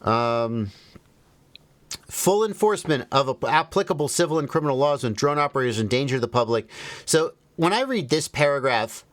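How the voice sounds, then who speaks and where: A man's voice: mid-range voice, animated, normal speed, no echo. A man hosting a livestream, reading phrases aloud and commenting wryly as he thinks them through. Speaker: livestream host.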